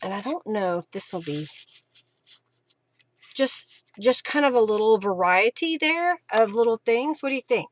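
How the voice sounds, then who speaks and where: A woman's voice: a little high, animated, measured pace, a little hiss or hum. A woman hosting a live crafting demonstration at home, chatting and thinking aloud with fillers as she works. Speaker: craft host.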